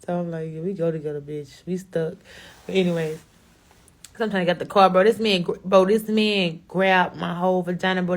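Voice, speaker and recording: A young adult woman with a Chicago accent telling a blunt, profane, animated story in a casual storytime to camera. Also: fairly low pitch. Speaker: rapper.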